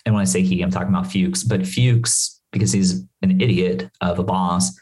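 A man casually recapping a TV episode on his podcast, rambling and animated, with asides and swearing. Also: sits low, normal speed, rough recording.

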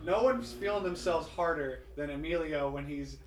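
A man's voice: on the high side, moderate pace, a crowd in the background, low-quality recording. A young man in casual chat, dropping dry, laconic quips.

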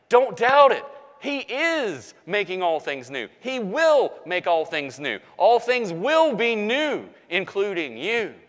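A man preaching a sermon as pastor, emphatic and repetitive, swinging between hushed and loud passages. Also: high voice, long reverb tail.

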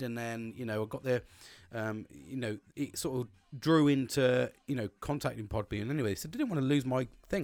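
A man's voice: medium pitch, dry recording. A man hosting his own podcast, talking casually and candidly with lots of swearing and restarts. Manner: rambling and candid, heavy swearing, many restarts. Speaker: podcast host. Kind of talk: casual solo podcast monologue. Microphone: own podcast microphone.

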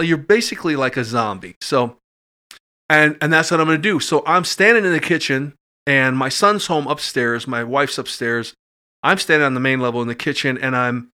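A middle-aged man with a medium-pitched voice, appearing as a podcast guest, tells a personal story casually and acts out the voices when he gets excited.

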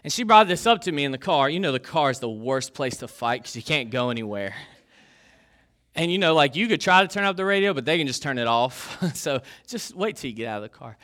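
A man's voice: a little high, lively intonation, a little fast, a bit bright. A young man giving a casual sermon as a pastor, joking and poking fun at himself, with plenty of ums and uhs. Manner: joking and self-deprecating, with many fillers.

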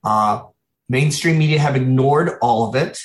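A man's voice: medium pitch, a little slow, reverberant. A man appearing as a guest commentator, giving his opinions in an emphatic, insistent way and piling up repeated phrases.

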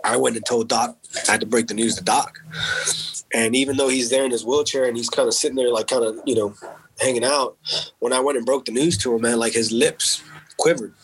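A veteran's mid-range, slightly rough voice stays steady and brisk as he recounts a personal story, captured in a rough recording. He's casual and candid, cursing freely and often throwing in "man" and "dude".

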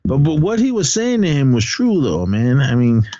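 A man's voice: mid-range voice, big pitch swings, normal speed, dark tone, dry recording, dull audio. A man co-hosting a podcast, recapping a film in casual, rambling chat with frequent laughs. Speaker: podcast co-host.

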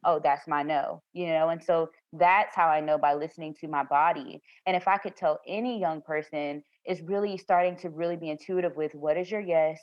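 A woman's voice: sits low, steady tone, brisk, hardly any pauses, clean tone, no echo. A woman guest telling about an experience in an earnest, affirming way. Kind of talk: conversational storytelling. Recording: dry, slightly dull sound.

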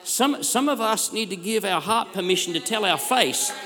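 An Australian man preaching a sermon as pastor, with energetic, exclamatory delivery and repeated calls to the congregation. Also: sits high, normal speed, crowd noise. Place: large church hall. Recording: long hall reverb.

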